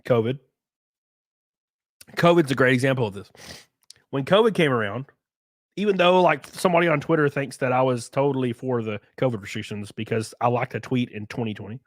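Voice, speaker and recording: A man with a mid-range voice talks a little fast but leaves long pauses, his Alabama accent thick and his nose runny and congested. As the host of a livestream, he delivers a casual, profane, mocking rant with lots of animation. The sound is clean studio audio with no room sound.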